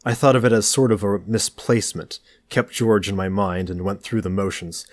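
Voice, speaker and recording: A man narrating a novel in an even, understated way. His voice sits on the low side, and he keeps his delivery dry and unhurried. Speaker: audiobook reader. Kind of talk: novel reading.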